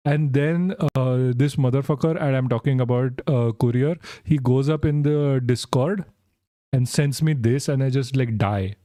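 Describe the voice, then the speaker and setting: A man's voice: mid-range voice, a little slow, mellow, no echo, clean studio sound. A young man streaming and reacting to a clip, giggling and swearing as he chats with his viewers. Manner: giggly, swearing, laughing through words. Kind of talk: casual reaction stream chat.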